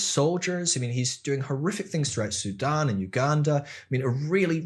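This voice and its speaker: Man, podcast guest, mid pitch, animated explainer who slips into quoted voices, many fillers. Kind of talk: casual explanatory chat.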